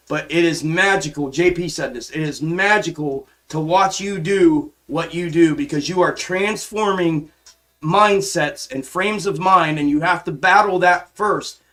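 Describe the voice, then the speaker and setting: A man's voice: on the high side, fairly bright tone. A man live streaming about trading, ranting with frustration, swearing often and restarting his sentences. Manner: profane, repetitive, frustrated ranting with frequent restarts. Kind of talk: impassioned ranting monologue.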